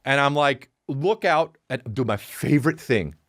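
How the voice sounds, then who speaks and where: A man's voice: mid-range voice, animated, measured pace, fairly bright tone, dry recording. A man in his thirties telling a comedic story on his podcast, profane and exasperated, acting out what people said. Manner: profane, exasperated, acts out quotes.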